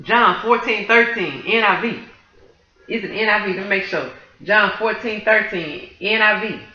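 A woman's voice: mid-range voice, moderate pace, sharp tone. A woman sharing a testimony and prophetic word in a fervent, exclaiming way, often calling out to her viewers in praise. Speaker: Christian video creator sharing a prophetic dream. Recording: dull lo-fi sound in an echoey room.

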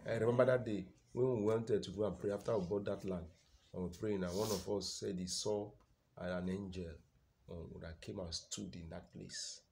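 A man with a Nigerian accent preaching a sermon, loud and emphatic, often asking the congregation call-and-response questions. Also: on the low side, fairly even intonation, moderate pace, gravelly, a little hiss or hum.

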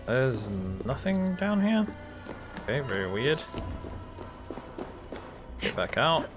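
Guy doing a lets-play, relaxed mutters to himself, game music going behind. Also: mid-range voice, slow pace. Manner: chatty, relaxed, talking to himself. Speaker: gaming channel host. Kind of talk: casual let's-play commentary.

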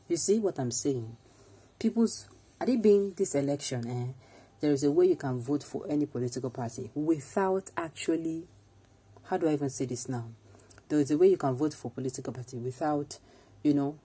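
A Nigerian woman with a very deep, dark voice delivers political commentary as a host. Her tone is husky and mellow, and she talks with animated emphasis, moving easily between English and Pidgin.

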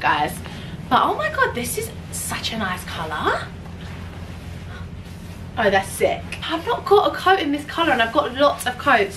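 A young woman chatting enthusiastically in a casual fashion haul vlog, chiming in with quick agreement. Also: sits high, fairly bright tone, recorded from a distance, a little hiss or hum, rough recording. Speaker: fashion vlogger.

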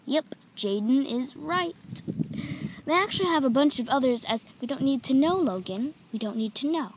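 A woman voicing every figure in a homemade toy-figure story, excitable and giggly as she jumps between playful character voices. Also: high voice, normal speed, slight background noise. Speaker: toy video creator voicing all figures.

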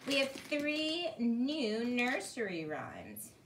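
A woman teaching small children in a gentle, sing-song way during an online preschool lesson, talking at home. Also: fairly high pitch, big pitch swings, very slow. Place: room at home. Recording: echoey room, distant mic, faint hiss.

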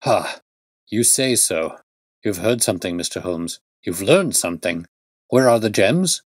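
A man's voice: lowish voice, expressive, unhurried, no room sound, clean studio sound. A man voicing an anguished middle-aged male banker who pleads and exclaims in distress. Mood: eager.

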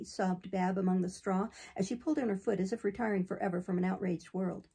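A woman reading a classic novel aloud in a steady, unhurried way. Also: mid-range voice, vocal fry, slightly rough. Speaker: audiobook reader.

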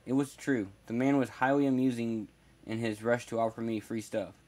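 A man's voice: mid-range voice, level tone, moderate pace, darkish tone. A man narrating a first-person horror story in a plain, wry storytelling manner.

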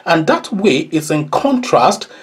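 A man's voice: on the high side, big pitch swings, slow, slightly rough. A man giving an emphatic, opinionated commentary monologue, often repeating "of course" and "by the way". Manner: emphatic, repeats 'of course' and 'by the way'. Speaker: political commentator.

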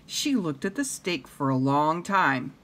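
A woman reading a picture book aloud to children, pausing to comment and ask them questions. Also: low voice, big pitch swings, fairly bright tone. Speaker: reader.

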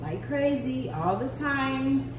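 In a casual vlog, a woman candidly unloads about her day to viewers, speaking animatedly but at a slow pace in a high voice. The recording has background noise, a distant mic, and an echoey room.

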